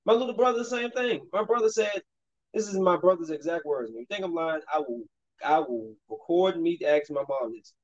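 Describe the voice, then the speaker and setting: A man in his thirties talks casually while he plays a basketball video game. His voice sits a touch high, and his rambling chat keeps breaking into sharp outbursts at the game. The lo-fi recording sounds dull. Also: a little fast. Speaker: streamer and father.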